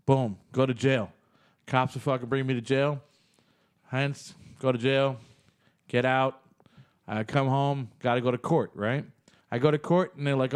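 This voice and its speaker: A man hosting a podcast who tells stories in a loose, animated way, swearing constantly. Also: medium pitch, moderate pace, clean tone. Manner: profane, animated street storytelling. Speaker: podcast host. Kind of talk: casual podcast chat.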